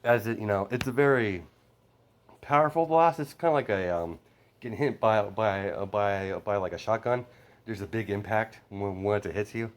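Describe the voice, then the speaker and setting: Man, low voice, casual fan story narration, rambling, lots of fillers. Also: normal speed. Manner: rambling, constant "you know" fillers.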